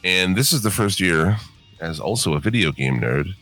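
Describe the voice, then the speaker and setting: A man's voice: sits low, expressive, normal speed, fairly bright tone, faint music behind. A middle-aged man hosting a podcast in a groggy morning voice, laid-back and swearing freely as he chats and laughs. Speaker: podcast host. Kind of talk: casual chat.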